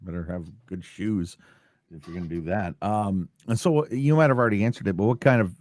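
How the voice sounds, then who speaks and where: A man's voice: on the low side, a little fast, a little mellow, no echo, clean studio sound. A man hosting a podcast who asks long, roundabout questions in a casual tone. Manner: asks long questions that circle before landing. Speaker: podcast host.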